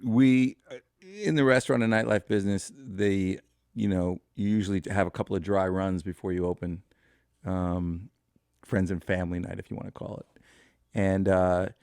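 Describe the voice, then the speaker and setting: Deep-voiced guy in his 50s rambling through a story on a podcast, lots of ums, dry close sound. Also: fairly even intonation, moderate pace, a little mellow, no echo. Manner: rambling, anecdotal, frequent fillers and restarts. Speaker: podcast guest, restaurateur.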